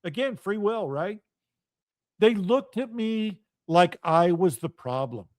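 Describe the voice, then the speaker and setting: A man's voice: high voice, lively intonation, slow, no room sound, studio quality. A middle-aged man hosting a radio show, delivering a heated, profane solo monologue with an intense, ranting manner.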